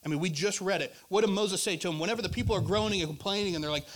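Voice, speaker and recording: A male pastor preaching a sermon in a conversational way, rising to loud emphasis and dropping to quiet asides. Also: high-pitched, very fast, hardly any pauses.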